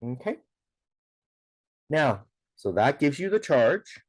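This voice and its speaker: A man's voice: medium pitch, big pitch swings, slow, no room sound. A man teaching a science lesson, explaining step by step in a patient way, with a lot of "okay" and "now". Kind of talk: recorded classroom lesson.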